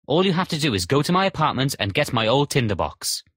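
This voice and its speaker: A man's voice: medium pitch, fast, breathy edge, dry recording, studio quality. A man voicing a bold, cheeky young soldier in a cartoon fairy tale. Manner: lively, cheeky.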